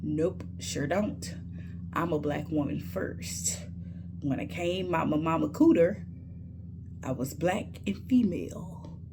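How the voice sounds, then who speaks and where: A woman's voice: low voice, slow, vocal fry, background noise. A woman vlogger telling a candid story in an emphatic way, repeating words when she gets worked up.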